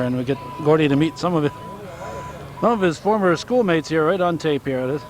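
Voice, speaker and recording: A man's voice: a little high, animated, fairly quick. Man behind the camera, noisy outdoor audio. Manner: loose offhand remarks with fillers. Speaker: camera operator. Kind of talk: casual narration behind the camera. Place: outdoors at a parade.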